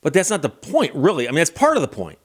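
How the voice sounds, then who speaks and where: A man's voice: a little high, wildly swooping pitch, fast talker, a bit bright. A middle-aged man who is a lawyer and channel host, telling a story in a casual monologue with a wry, exasperated manner.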